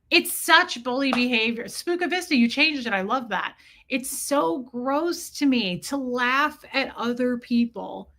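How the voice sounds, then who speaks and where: Bright, animated woman chatting on a live stream. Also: fairly high pitch. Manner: candid and animated, swears, mocks a condescending ex in quoted voices. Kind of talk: casual live-stream chat reading viewer comments.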